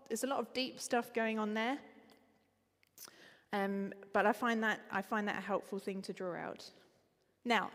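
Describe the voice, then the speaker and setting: Woman preacher, Essex accent, conversational sermon, higher register, big reverberant hall. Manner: conversational, lively, frequent ums.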